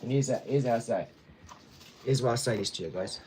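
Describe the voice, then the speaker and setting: A man's voice: medium pitch, fast talker, a little mellow, slight background noise, poor audio. A man talking bluntly and rambling straight to his viewers in a casual vlog. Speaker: vlogger.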